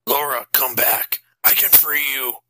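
A man's voice: mid-range voice, measured pace, background noise, close to an everyday voice. A man voicing an enraged father over fifty. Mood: pleading. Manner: shouting threats.

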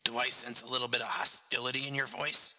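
A man voicing a hoarse, mocking male killer who confesses to a priest, in a reverberant room. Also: medium pitch, level tone, fast talker, bright, forceful tone. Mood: taunting. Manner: taunting, mocking.

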